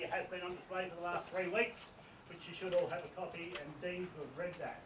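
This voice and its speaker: A high-voiced man auctioneering a house sale, projecting formally as he runs through the contract and conditions. He is caught from well away from the camera, with a roomy echo around his voice and faint outdoor ambience behind. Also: slight background noise. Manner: projecting, reads out contract terms. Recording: distant and roomy, picked up from afar.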